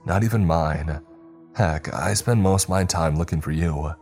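A man voicing a determined male police detective who shouts orders and pleads forcefully. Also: deep voice, moderate pace, soft background music. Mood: pleading.

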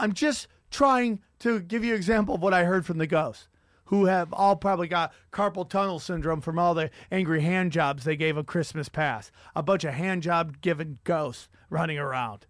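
High-voiced profane man telling stories. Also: moderate pace, no echo, studio quality. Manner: animated, profane, rambling storyteller. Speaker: podcast host and comedian. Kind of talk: crude casual chat.

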